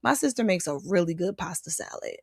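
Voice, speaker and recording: A woman's voice: lowish voice, huge pitch swings, brisk, gravelly, darkish tone, dry recording, clean studio sound. A woman hosting a live stream, reading out viewer comments about food and chatting back casually. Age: adult. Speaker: host reading live chat.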